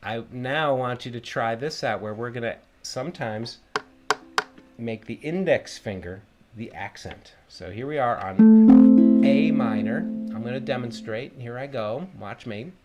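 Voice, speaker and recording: A man's voice: medium pitch, measured pace, over loud music. A man teaching a live online ukulele lesson, explaining patiently step by step and counting the beats aloud. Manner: friendly, greets viewers by name. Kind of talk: livestream music lesson.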